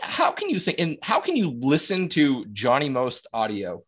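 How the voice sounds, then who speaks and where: A man's voice: fairly high pitch, wildly swooping pitch, normal speed, slightly rough. A man in casual podcast talk, meandering and profane. He trips over his own starts and circles back to his points. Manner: rambling, profane, many restarts. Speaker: podcast co-host.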